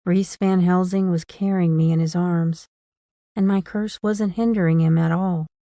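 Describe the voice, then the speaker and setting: A woman narrating a first-person paranormal romance audiobook in a wry, steady storytelling manner. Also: on the low side, no room sound, studio quality.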